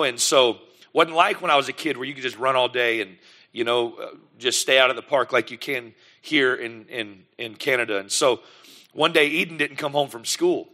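A middle-aged man, a pastor telling lively family stories in a sermon and acting out the scenes. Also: medium pitch, normal speed. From United States. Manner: animated, lively storyteller who acts out scenes. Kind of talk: sermon storytelling.

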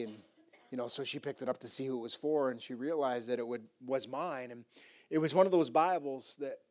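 A middle-aged man pastor telling a story in a sermon, animated and rising to loud emphatic bursts, often repeating and restarting phrases. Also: medium pitch.

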